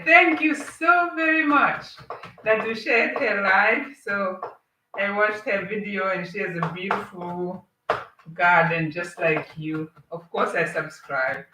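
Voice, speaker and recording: A woman hosting a casual live cooking stream, chatting with viewers and greeting them as they join. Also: medium pitch. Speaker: cooking livestream host. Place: home kitchen. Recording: roomy, distant, with clear background noise.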